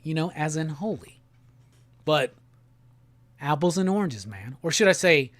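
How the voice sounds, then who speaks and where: A man hosting a casual live stream. He talks in a laid-back, slangy way and reads viewer comments aloud in quick bursts. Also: fairly high pitch, animated, a bit bright, no room sound. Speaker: livestream host. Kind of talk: casual livestream chat, reading viewer comments.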